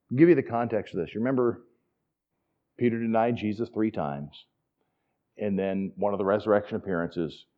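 A man's voice: lowish voice, lo-fi sound. A man preaching a sermon in a conversational, enthusiastic teaching manner with asides. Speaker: pastor.

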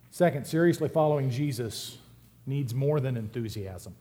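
A pastor with a mid-range voice preaches at normal speed, keeping his sermon humorous and conversational. He jokes along the way and makes lively swings in loudness, raising and dropping his voice for effect.

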